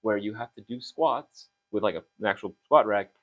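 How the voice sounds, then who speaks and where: A young man in casual chat, telling animated stories with lots of fillers and restarts. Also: on the low side. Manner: fast, animated storytelling with many fillers. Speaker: co-host of a store talk show.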